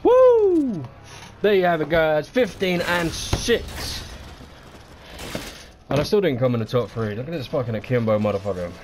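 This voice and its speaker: A man's voice: mid-range voice, fast, hardly any pauses, a little hiss or hum. A man giving live gameplay commentary, swearing and trash-talking as he reacts to the match. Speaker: gaming commentator.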